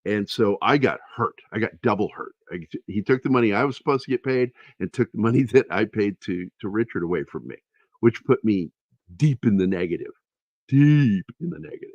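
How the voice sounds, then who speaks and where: Here a podcast host speaks in a lowish, fairly quick voice on a dry, dull-sounding recording. Chatting casually, he rambles through personal stories with candor and plenty of foul language.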